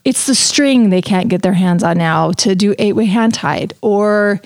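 A woman's voice: medium pitch, measured pace, darkish tone, no room sound, clean studio sound. A woman hosting a podcast, chatting casually and telling stories in a bubbly way. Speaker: podcast host. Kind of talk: casual chat.

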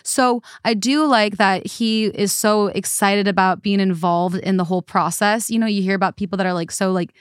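Woman guest co-host, smooth voice, dry close mic, casual and emphatic. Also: medium pitch, steady tone, moderate pace, few pauses, dry recording. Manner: emphatic, repeats herself with fillers. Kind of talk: casual podcast chat.

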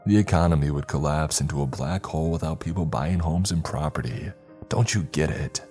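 A man voicing a ruthless male surveillance boss with a creaky voice who snaps at others with contempt. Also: extremely low pitch, fairly quick, a little mellow, soft background music. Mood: ranting. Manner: snapping, contemptuous.

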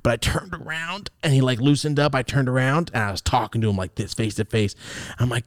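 In a clean, dry studio recording, a young male podcast host recounts a story fairly quickly. He's animated and profane, and he acts out quoted lines with big shifts in pitch.

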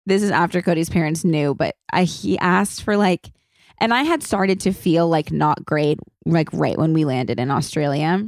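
A woman hosting a podcast in casual chat, talking fast in loose bursts full of "like" and acting out quotes. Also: low-pitched, no room sound, clean studio sound. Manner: chatty, many likes and restarts, acts out quotes. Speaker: podcast host.

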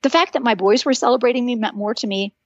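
A woman in her fifties speaks as a podcast guest and tells her stories with animation, sometimes slipping into the voices of the people she quotes. Her voice sits fairly high, and the recording is dry and a little dull. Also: fast, no room sound. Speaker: guest author. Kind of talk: casual podcast conversation.

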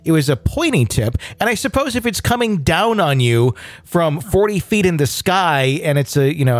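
A man co-hosting a podcast in casual chat, laughing easily and telling stories. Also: fairly high pitch. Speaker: podcast co-host.

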